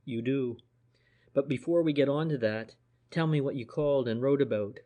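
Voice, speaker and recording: A man voicing a direct, impatient gentleman in an audiobook, speaking curtly and sharply at a medium pitch. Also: moderate pace, lightly acted. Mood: irritated. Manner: curt, sharp.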